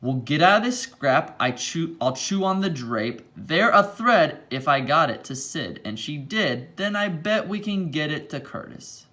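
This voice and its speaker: A man voicing a quick-thinking female mouse in a storybook, urgent and eager. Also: on the high side, very animated, pushed and bright, heavily acted.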